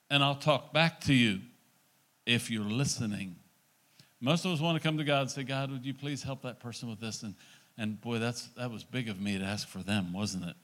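A man's voice: medium pitch, a bit bright. A middle-aged male pastor giving a conversational sermon, acting out little dialogues as he teaches.

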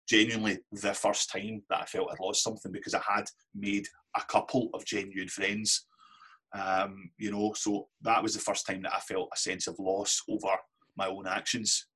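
A man's voice: on the low side, fairly bright tone, slightly rough. A Scottish man telling candid stories as a podcast guest, swearing casually. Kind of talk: casual storytelling interview.

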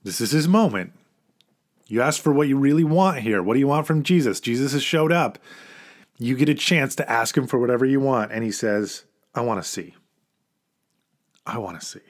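A man's voice: medium pitch, lively intonation, a little fast. A man preaching an informal, conversational sermon as a pastor, earnest and emphatic at key points.

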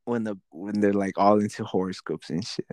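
A young man hosting a podcast, talking casually in a halting, rambling way, often searching for words. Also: on the low side, a little mellow, no room sound. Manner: rambling, halting, many fillers and restarts. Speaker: podcast host. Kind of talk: casual chat.

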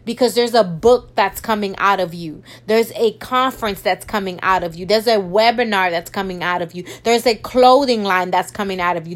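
Woman, young adult, podcast host, faith talk, repetitive preaching. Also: mid-range voice. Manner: preachy, repeats phrases for emphasis. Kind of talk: faith-based encouragement monologue.

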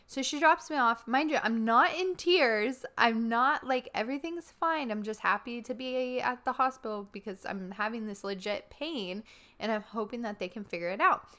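A woman's voice: on the high side, moderate pace. A woman casually and candidly retelling a personal story in conversation, using lots of "like". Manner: candid, animated retelling with frequent "like". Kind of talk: casual chat.

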